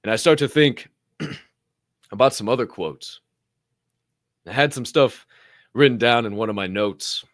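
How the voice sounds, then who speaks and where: A young man giving a motivational podcast monologue as co-host, animated and profane, jumping from loud outbursts to low muttered asides. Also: a little slow, pauses often, dry recording, clean studio sound.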